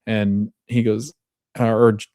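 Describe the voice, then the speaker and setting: Low-voiced man recapping a show. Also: little pitch movement, measured pace, a little mellow, dry recording, studio quality. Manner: retells scenes by reading quoted lines, with frequent self-corrections. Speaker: podcast host. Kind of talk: casual recap chat.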